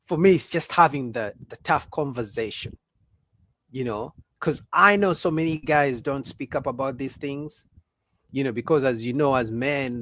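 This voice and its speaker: With no room sound at all, a man's mid-range voice carries a casual livestream as he argues his point animatedly. He leans on rhetorical questions and reads out comments from his viewers' chat.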